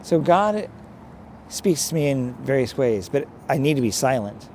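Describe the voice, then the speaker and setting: A priest talks straight to his listeners in a loose, rambling reflection, at a middle pitch. Faint traffic hums behind him outdoors. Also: sing-song, measured pace, a little mellow. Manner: conversational, rambling, direct address to listeners. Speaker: priest, pastor. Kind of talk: reflective sermon-style talk.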